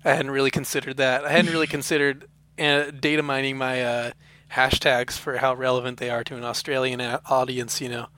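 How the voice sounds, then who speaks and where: A man's voice: mid-range voice, flat delivery, a little fast, pushed and bright, slight background noise. A young man co-hosting a podcast, rambling through silly jokey bits in casual chat. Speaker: podcast co-host.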